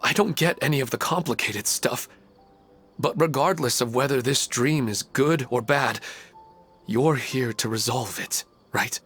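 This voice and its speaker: A plain-spoken husband and father from a video game, voiced by a man, with a middle-pitched voice. He talks in an earnest, heartfelt way over faint background music. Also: measured pace, fairly bright tone, close to an everyday voice.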